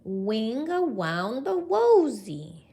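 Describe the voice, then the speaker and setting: A woman voicing a shy young male rat who says w in place of r, speaking slowly and carefully. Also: a little high, big pitch swings, mellow, pitched above the performer's own voice, heavily acted. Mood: earnest. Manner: slow, careful speech with w for r.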